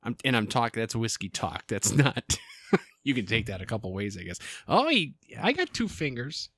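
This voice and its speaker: A man hosting a casual podcast, joking and animated, with salty language. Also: medium pitch, moderate pace, no room sound. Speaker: podcast host. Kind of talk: casual chat.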